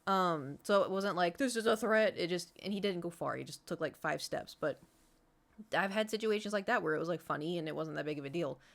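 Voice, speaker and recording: A woman's voice: fairly low pitch, a little fast, gravelly. A woman streamer telling a story in casual, rambling chat, full of fillers and restarts. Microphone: streaming setup.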